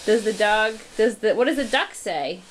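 A woman talking to a toddler in a home video, asking slow, sing-song questions to coax words out of the child. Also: medium pitch, animated, slight background noise. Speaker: parent coaxing a toddler to talk. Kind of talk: home video baby talk.

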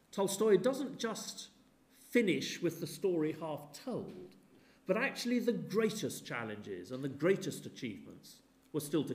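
Man lecturing with lively pitch. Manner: wry, ironic asides. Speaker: history lecturer. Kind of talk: public lecture. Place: large lecture theatre. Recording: roomy lecture theatre sound.

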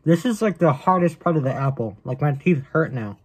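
A man's voice: fairly high pitch, animated, brisk, slightly rough. A young man rambling in a casual vlog, crude and joking, swearing often. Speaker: vlogger.

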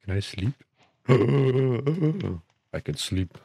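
A young man narrating his own video game run in a playful, easily spooked way, gasping at surprises and joking to himself. His voice leaps up and down, while the pace stays slow and drawn out. The sound is dry and close, with no room echo. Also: medium pitch, lively intonation, vocal fry, warm tone, husky. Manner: goofy, easily startled, jokey self-talk with gasps. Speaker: gaming YouTuber. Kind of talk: Minecraft let's play commentary.

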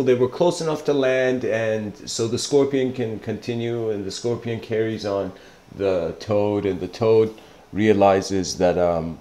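A man's voice: fairly low pitch, steady tone, measured pace, mellow. A man giving a casual lecture, rambling as he tells a story, with many fillers and restarts. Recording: roomy echo.

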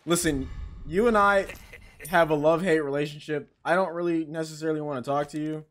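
A man giving casual let's-play commentary, excitable, swearing and reading game text aloud. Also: fairly high pitch, a little fast. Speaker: gaming channel host.

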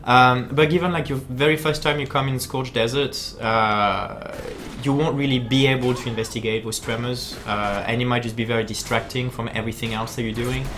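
A man giving live-stream commentary while playing, chatty and jokey. He often stalls on fillers and repeats small words before getting the thought out, at an even middle pitch. Faint ambient noise sits behind him. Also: moderate pace. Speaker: game designer.

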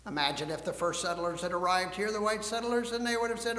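A male pastor reads scripture as a story and then preaches, with a high, expressive voice. He drops to a hush and builds to emphasis, and the sanctuary answers with a long, roomy echo. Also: quick pace, hardly any pauses. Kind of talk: storybook reading and sermon. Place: church sanctuary. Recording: echoey church hall.

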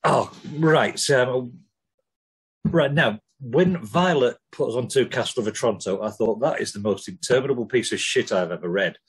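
A man's voice: medium pitch, moderate pace, husky, rough recording. A man co-hosting a podcast, rambling and joking with lots of swearing and ums. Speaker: podcast co-host. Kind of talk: casual chat.

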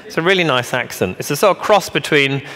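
Fairly high-pitched, bright and forceful, this keynote speaker talks briskly and expressively. His motivational talk on stage is punchy and emphatic, with joking asides and rhetorical questions, echoing with long reverb in a large conference hall.

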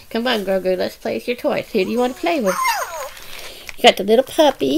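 A woman's voice: fairly high pitch, lively intonation, fairly quick, creaky. A woman hosting a doll play vlog, cooing to a kitten in a sing-song voice. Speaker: doll channel host.

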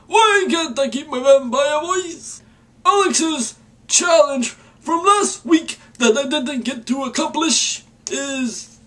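Speaking slowly in a high, expressive, slightly bright voice, a vlogger casually chats while putting on a mock vampire voice. It keeps slipping into an old-man voice, and the humor is jokey and self-mocking.

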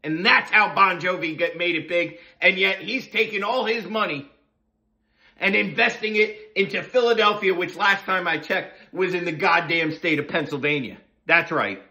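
A man's voice: high-pitched, normal speed, pushed and bright. A middle-aged man from New Jersey, hosting a casual morning monologue full of profane, sarcastic rants. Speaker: host of a morning talk session.

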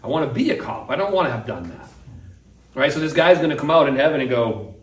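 Talking fast with lively intonation and a slightly high voice, this pastor gives a laid-back sermon, chatting with the congregation and imitating the people he quotes. It's recorded in a church sanctuary from a distant mic, with plenty of echo.

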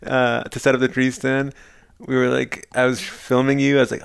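Male co-host, mid pitch, gravelly, chatty retelling. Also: fairly quick, no echo. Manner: animated retelling with quoted voices. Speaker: podcast producer and co-host. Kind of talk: casual chat.

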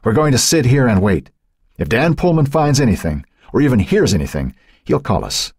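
A man voicing a stern husband who gives gruff, curt retorts. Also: medium pitch, big pitch swings, moderate pace, darkish tone, no room sound, clean studio sound, voice pushed up. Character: stern, growling middle-aged husband.

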